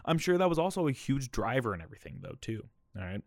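A man's voice: medium pitch, big pitch swings, fast, no room sound, studio quality. A man around thirty, a podcast host telling a personal story in a candid, rambling way, often checking in with "okay?" and "all right?".

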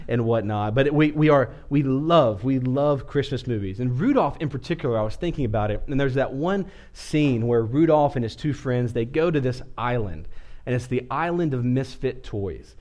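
A man preaching a sermon, opening with a casual, joking story before turning serious. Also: medium pitch. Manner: casual, joking storyteller with lively swings in energy. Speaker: pastor.

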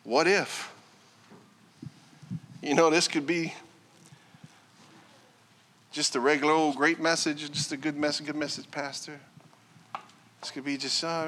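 A man preaching a sermon as pastor, piling up rhetorical questions and moving between loud exhortation and hushed talk. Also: a little high, steady tone, a little slow, long pauses, a little hiss or hum. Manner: rhetorical, building "what if" questions.

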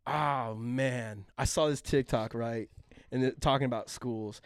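A young man co-hosting a podcast, telling stories in a casual, profane, animated way. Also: medium pitch, unhurried, clean tone, no room sound, studio quality. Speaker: podcast co-host. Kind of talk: casual chat.

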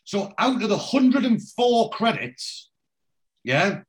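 A man co-hosting a casual podcast recaps a TV episode, retelling scenes and quoting characters with plenty of fillers and restarts. His voice sits high, swings widely in pitch, and moves slowly.

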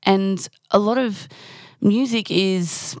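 A woman's voice: mid-range voice, slow pace, darkish tone, dry recording, studio quality. A woman in casual conversation, chatty and reflective, with lots of "you know"s. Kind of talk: casual chat.

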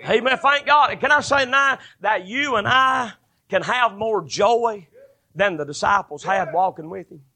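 A man preaching a fervent sermon, building to shouted bursts. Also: high-pitched, measured pace.

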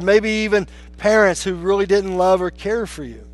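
A man preaching a sermon as pastor, swinging between hushed, low lines and raised, emphatic ones. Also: normal speed, hardly any pauses, dry recording.

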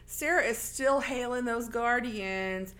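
A woman's voice: on the high side, slow, fairly bright tone. A woman host animatedly retelling a movie plot in casual chat, acting out the characters' lines as she goes.

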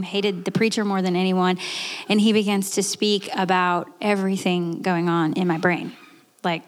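A woman in her late thirties giving a candid, earnest personal testimony, with restarts and quick laughs. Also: medium pitch. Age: 30s. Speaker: guest speaker. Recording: echoey hall.

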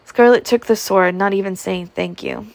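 A woman's voice: mid-range voice, steady tone, moderate pace, vocal fry, no echo. A woman reading a novel aloud expressively, now and then breaking off to comment. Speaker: audiobook reader.

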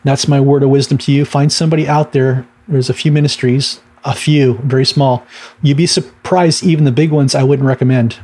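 A man's voice: mid-range voice, steady tone, a little fast, a little mellow. A middle-aged man, a minister giving a casual teaching talk, telling stories with fillers and little laughs. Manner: conversational storytelling with laughs and fillers.

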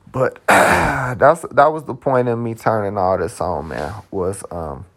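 A man's voice: mid-range voice, expressive, unhurried, vocal fry, few pauses, fairly bright tone. A man hosting a podcast in a casual, rambling monologue, full of "you know" and with the odd curse. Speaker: podcast host.

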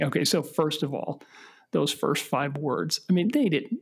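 A middle-aged man hosting a casual podcast, talking in halting, self-correcting, wry bursts. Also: fairly high pitch, expressive, gravelly, slightly rough. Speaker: podcast host.

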